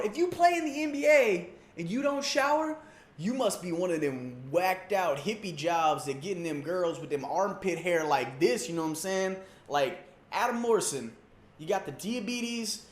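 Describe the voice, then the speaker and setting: A man hosting a comedic sports rant, loose and slangy, mocking and rambling. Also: sits high. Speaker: comedy sports show host. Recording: roomy echo.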